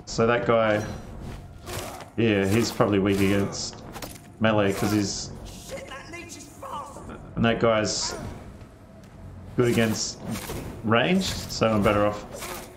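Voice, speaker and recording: A man's voice: lowish voice, steady tone, slow pace, pauses often, noisy background. A man giving casual, rambling commentary while streaming a game and answering viewer chat.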